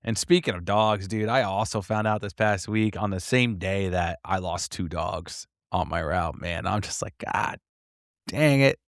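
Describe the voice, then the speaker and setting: A man's voice: low voice, moderate pace, creaky, hardly any pauses, no room sound, clean studio sound. A man co-hosting a casual podcast, telling delivery stories with lots of laughter and swearing. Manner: animated storyteller, acts out quotes, swears, laughs often. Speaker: podcast co-host, delivery driver.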